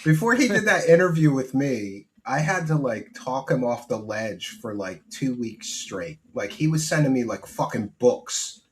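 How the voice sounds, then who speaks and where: A man's voice: medium pitch, animated, a little slow, few pauses, slight background noise. Gossipy man hosting a banter panel. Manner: gossipy, laughing, lots of fillers. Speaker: panel host.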